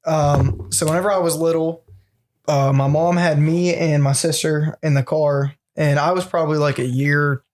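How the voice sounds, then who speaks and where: A man's voice: fairly high pitch, steady tone, normal speed, darkish tone. Rambling young man, easygoing chat. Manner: rambling, many fillers and laughs. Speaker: podcast co-host. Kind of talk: casual storytelling chat.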